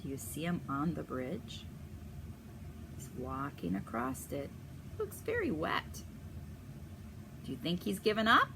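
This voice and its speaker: A woman reading a picture book aloud to children, gently asking the listener questions as she goes. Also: low voice, very animated, measured pace, gravelly, long pauses, background noise. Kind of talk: storybook read-aloud.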